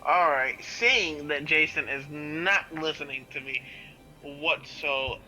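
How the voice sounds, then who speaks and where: Very bright-voiced laid-back man. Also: on the high side, slow pace, faint music behind, poor audio. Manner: laid-back, swears, laughs mid-sentence. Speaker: player. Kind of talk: casual tabletop role-play chat.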